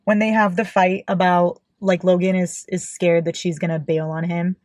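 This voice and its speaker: A woman's voice: lowish voice, level tone, moderate pace, a little mellow, dry recording. A young woman in her twenties from the United States chatting casually about a book she read, gushing and giggly with sudden squeals. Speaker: book vlogger. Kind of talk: casual book reaction chat.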